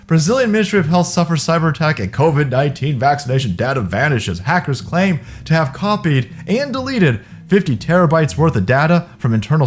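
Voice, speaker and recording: A man hosting ranting, sarcastic commentary, mocking and swearing freely. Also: fairly high pitch. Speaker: commentary host.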